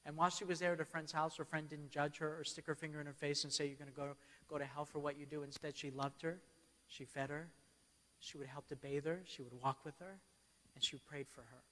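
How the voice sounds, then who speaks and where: A man's voice: fairly high pitch, steady tone, a little fast, a bit bright. A man giving a church keynote as a storytelling sermon, often checking in with his audience. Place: church hall. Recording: long hall reverb.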